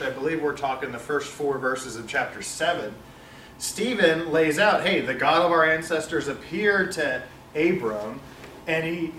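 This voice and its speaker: A man's voice: on the high side, a bit bright, slight background noise. Man teaching in an echoey room. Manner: rambling, self-correcting, with many fillers. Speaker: Bible study teacher. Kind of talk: informal classroom teaching. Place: classroom with a large screen. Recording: echoey room, far from mic.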